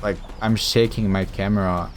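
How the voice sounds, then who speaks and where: A man's voice: on the low side, steady tone, normal speed, slight background noise. A man casually commenting while playing a video game, rambling and thinking aloud with lots of fillers. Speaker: gameplay commentator. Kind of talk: casual let's-play commentary.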